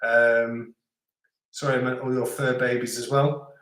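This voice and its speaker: A man's voice: medium pitch, little pitch movement, measured pace, fairly bright tone. A middle-aged man hosting a live stream, chatting casually and rambling as he reads out viewer comments. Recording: echoey room.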